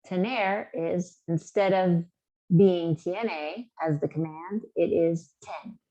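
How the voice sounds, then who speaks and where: Woman, Spanish teacher, patient, clear slow examples, mellow tone, dull lo-fi recording. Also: lowish voice. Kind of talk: online language lesson.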